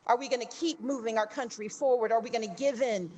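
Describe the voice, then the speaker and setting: A woman's voice: fairly high pitch, steady tone, fast, darkish tone. A woman giving a rousing political speech to a labor union gathering, telling a parable story and building to emphatic, repeated lines.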